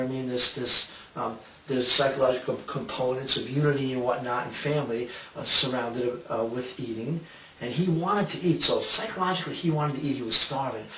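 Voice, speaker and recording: A man's voice: medium pitch, sharp tone, slight background noise. Emotional man telling a story, roomy distant sound. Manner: emotional, halting retelling with repeated restarts. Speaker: speaker telling a personal story. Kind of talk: personal storytelling talk.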